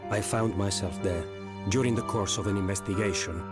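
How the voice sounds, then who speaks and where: An actor playing a formal young man detective, reading an urgent letter in measured, careful speech. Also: lowish voice, natural voice. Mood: grave. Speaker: game character reading a letter. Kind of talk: scripted voiced dialogue. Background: game music.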